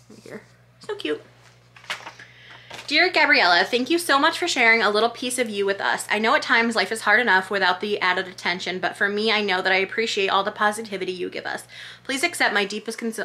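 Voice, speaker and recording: A woman's voice: medium pitch, sharp tone. A young woman vlogger who gushes as she reads holiday cards aloud in a casual vlog. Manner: gushing, effusive.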